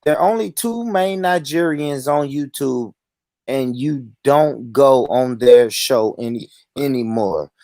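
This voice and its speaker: A man's voice: medium pitch, slow pace, no echo. A man hosting an online panel, talking in a heated, profane way and cutting in on others. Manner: animated, profane, interrupts others. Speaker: show host.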